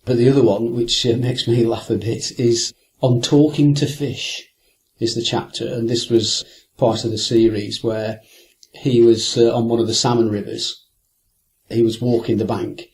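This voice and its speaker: A man's voice: medium pitch, steady tone, normal speed, darkish tone. An older man, an angler, telling fishing stories in a rambling interview manner full of hesitations. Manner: rambling, with many hesitations and restarts. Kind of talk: reflective anecdotal interview talk.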